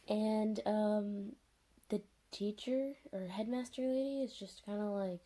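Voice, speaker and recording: A woman's voice: mid-range voice, steady tone, slow, mellow, a little hiss or hum. A young woman vlogger reviewing a show in a rambling, sarcastic, unscripted rant full of fillers.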